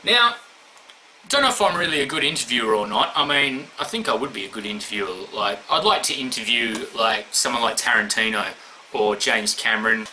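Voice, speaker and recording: A man's voice: mid-range voice, animated, a little fast, over music. A man rambling bluntly in a casual vlog, swearing constantly as he answers questions. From Australia. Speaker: YouTuber answering award questions.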